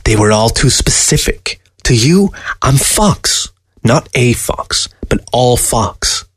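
A man's voice: mid-range voice, animated, husky, dry recording. A man voicing a sardonic, mocking dead male fox in a storybook reading. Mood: cold. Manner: snide, mocking, drawn-out taunts.

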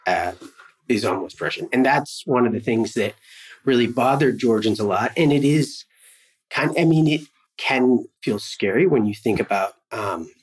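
A man as a podcast guest, talking in a thoughtful, measured way in casual conversation. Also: mid-range voice, expressive, poor audio.

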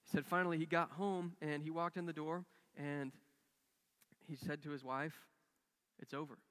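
A man's voice: fairly high pitch, steady tone, normal speed, fairly bright tone, clean tone, in a large hall. A man preaching a sermon as a pastor, telling a story earnestly and acting out the quoted dialogue with rising and falling intensity. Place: church sanctuary.

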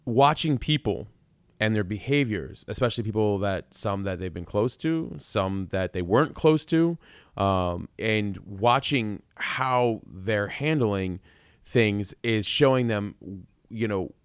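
Low-voiced male host, reflective and rambling, dry sound. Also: expressive, slow pace, smooth, no echo. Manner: rambling, many fillers, reflective. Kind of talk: casual spiritual conversation.

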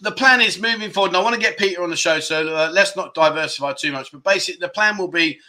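Quick-paced and high-pitched, with a pushed, bright sound, a British man in his fifties hosts a casual livestream. He reads viewer comments aloud in a chatty, jokey, meandering way, with plenty of side remarks.

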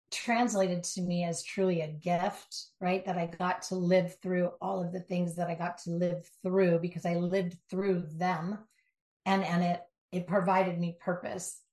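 A middle-aged woman from Southern California, a life coach speaking as an interview guest, emphatic and animated, with quick asides. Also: fairly low pitch, echoey room. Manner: animated, emphatic storytelling with asides and mock voices. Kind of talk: conversational interview.

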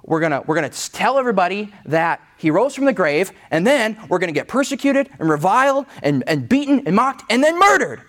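A preacher putting on a wildly eager apostle leader. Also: male voice, high voice, big pitch swings, fairly quick, few pauses, a bit bright, pitched above the performer's own voice. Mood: eager, excited. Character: excited male apostle leader, bold schemer.

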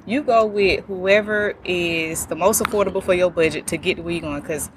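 A woman's voice: lowish voice, normal speed, noisy background. A woman hosting a podcast in casual chat, blunt, profane and playful. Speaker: podcast host.

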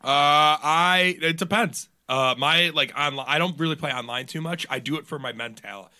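A man's voice: a little high, moderate pace, pushed and bright. A young adult male comedian, a guest chatting casually on a podcast, telling rambling, profane stories full of fillers.

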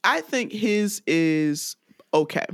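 A woman from the US South co-hosts a podcast movie review with a lively voice that swings up and down. She laughs a lot and drops Southern slang into a casual chat. The recording is dry and close. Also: on the low side, slow, no echo. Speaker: podcast co-host.

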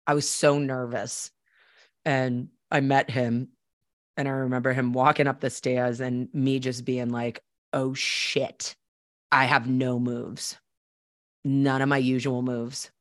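A woman's voice: rumbling low, little pitch movement, slow pace, no room sound. A woman from Boston, a podcast host, telling a personal story in a candid, chatty way and acting out the dialogue.

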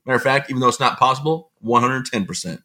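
Guest: man from Michigan, motivational speaker, bright and forceful tone, easygoing anecdote teller. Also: medium pitch, fast talker. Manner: lively, self-mocking, often laughing and acting out quotes. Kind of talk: casual anecdotal storytelling.

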